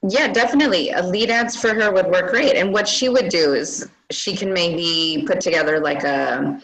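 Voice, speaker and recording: A woman guest expert giving casual marketing advice on a webinar, relaxed and full of fillers. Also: fairly low pitch, normal speed, a little hiss or hum, poor audio.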